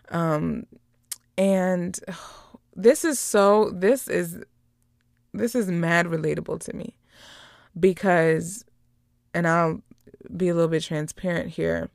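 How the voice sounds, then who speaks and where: Chatty young woman with a gravelly low voice. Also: dry recording, studio quality. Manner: chatty, animated, acts out quoted lines. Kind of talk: casual episode recap.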